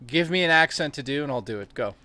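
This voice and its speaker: A man from Canada banters loosely on a late-night stream, swearing freely and trading jokes with his co-host. His voice sits a little high and rings bright and forceful. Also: animated, fast talker, dry recording. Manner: profane, joking, breaks into laughter.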